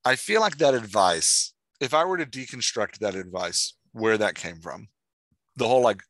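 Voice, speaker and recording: Male podcast host, low voice, dry close sound, animated and chatty with lots of fillers. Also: normal speed, dry recording. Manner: animated, lots of "like" and "right?", reads examples aloud. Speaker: podcast host, writing coach. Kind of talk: casual explanatory chat.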